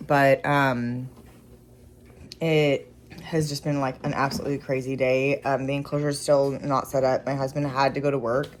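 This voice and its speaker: A woman's voice: extremely low pitch, little pitch movement, normal speed, slight background noise. A young woman who runs an animal rescue, talking casually and emotionally in a vlog, with many fillers. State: pregnant. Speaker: wildlife rescue owner.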